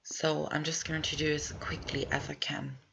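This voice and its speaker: Brief: woman gamer, low gravelly voice, chatty walkthrough commentary. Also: little pitch movement, normal speed, noisy background. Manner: rambling, chatty, thinks aloud. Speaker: video game walkthrough player. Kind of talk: casual gameplay commentary.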